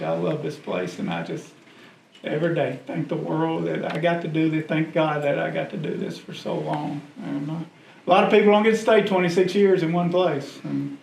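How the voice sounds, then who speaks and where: A man gives a halting, folksy thank-you speech at his retirement reception, with lots of fillers. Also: a little high, vocal fry, darkish tone, a little hiss or hum. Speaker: retiring coach. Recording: echoey hall, mic at a distance.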